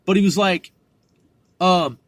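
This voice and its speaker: A man's voice: high-pitched, slow pace, dry recording. A man hosting a podcast, telling a story in a rambling, profane way with many restarts. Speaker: podcast host.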